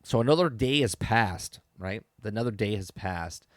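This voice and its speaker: In a dry, studio-quality recording, a podcast host who is also a parent reviews and recaps a TV episode in a casual, chatty way. His voice is fairly low and animated, moving at a moderate pace. He keeps repeating himself, starting over mid-thought, and sprinkling in asides like "okay?" and "right?"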